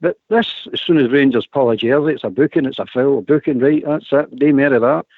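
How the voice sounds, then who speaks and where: A Scottish man co-hosting a football fan phone-in, talking with indignant, animated conviction. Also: mid-range voice, fairly quick, husky, no room sound. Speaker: radio co-host. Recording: dry, phone-like radio sound.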